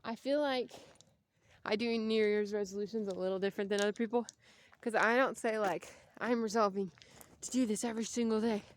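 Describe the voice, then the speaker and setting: A woman's voice: mid-range voice, steady tone, fairly quick, slight background noise. A woman in her thirties rambling casually in a vlog, slightly out of breath as she walks outdoors. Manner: chatty, rambling, tangents. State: out of breath from walking. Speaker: vlogger. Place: outdoors, walking on a street.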